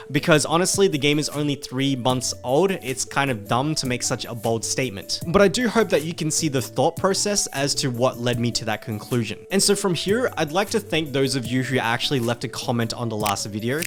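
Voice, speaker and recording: A man, a video creator, giving scripted gaming commentary in an analytical way, openly owning up to his past mistakes. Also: medium pitch.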